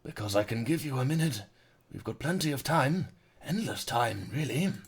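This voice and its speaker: A man's voice: medium pitch, expressive, normal speed, husky. A man streaming a game live, reading its narration aloud dramatically between jokey, profane banter with chat.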